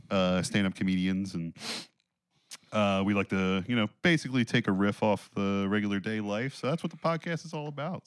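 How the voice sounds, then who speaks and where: A man's voice: fairly low pitch, clean tone, no room sound. Casual swearing podcast guy, dry mic. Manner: rambling, swears freely, laughs often. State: getting over a cold. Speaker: podcast co-host.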